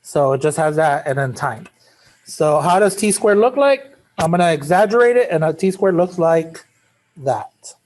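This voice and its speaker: A man's voice: on the high side, expressive, normal speed, darkish tone. A male math teacher giving a classroom lecture in a casual, joking way, drifting into chatty asides.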